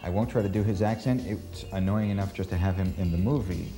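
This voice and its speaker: A man's voice: sits low, quick pace, music in the background. A man hosting and introducing films with rambling, self-deprecating jokes. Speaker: host. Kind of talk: casual introduction.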